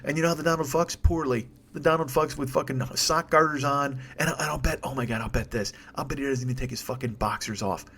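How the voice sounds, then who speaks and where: A man talks quickly into a microphone on his comedy podcast. He rants in a loose, rambling way, heavy with profanity and sarcasm. His pitch sits in the middle range. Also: fairly even intonation, bright, forceful tone, a little hiss or hum. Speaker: podcast host. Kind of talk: solo comedy podcast rant. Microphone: studio microphone.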